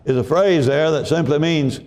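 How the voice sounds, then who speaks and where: A man's voice: on the high side, normal speed, a little mellow. A man preaching a sermon in a folksy way, often repeating himself and asking the congregation if they follow. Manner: folksy, repeats phrases, asks congregation questions. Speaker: pastor.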